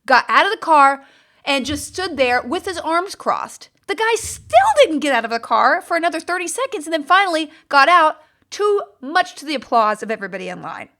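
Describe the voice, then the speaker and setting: A woman's voice: high-pitched, big pitch swings, moderate pace, sharp tone. A woman hosting a podcast, telling a story in a chatty, casual monologue full of fillers and restarts. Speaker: podcast host.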